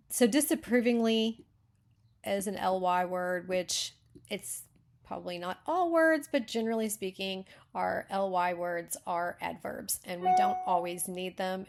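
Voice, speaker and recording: A woman's voice: medium pitch, vocal fry. A woman hosting a casual writing critique, chatty and full of fillers and self-corrections. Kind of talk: casual teaching.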